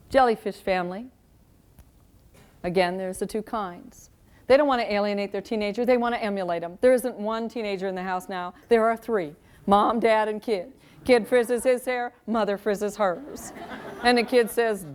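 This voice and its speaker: A middle-aged woman giving a live parenting lecture, wry and lively, acting out quoted parents and kids. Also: mid-range voice, normal speed, smooth. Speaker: parenting speaker.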